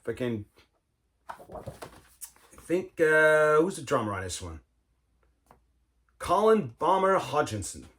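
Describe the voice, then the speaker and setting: A man's voice: a little high, very animated, slow pace, long pauses, a bit bright. A man, casually talking viewers through his record collection, enthusiastic and loose, saying "man" and "all right" a lot. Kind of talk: casual show-and-tell vlog.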